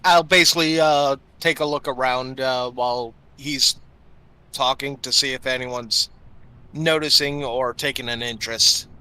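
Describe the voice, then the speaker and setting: A man's voice: medium pitch, fairly even intonation, measured pace, sharp tone, smooth, poor audio. A man playing a tabletop game, talking casually and hesitantly with many fillers. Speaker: player.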